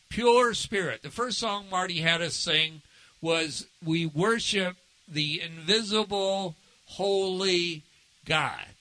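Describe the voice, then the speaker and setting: Lively, bright-voiced male pastor preaching. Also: on the high side, low-quality recording. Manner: conversational, asks the congregation questions. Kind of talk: sermon.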